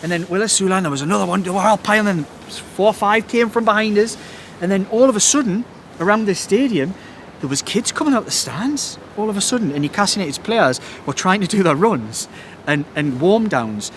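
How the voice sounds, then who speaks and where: Young man, football podcast host, animated rushed storytelling, laughing, high bright voice. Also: a little hiss or hum. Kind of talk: excited casual chat. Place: outdoors at night abroad.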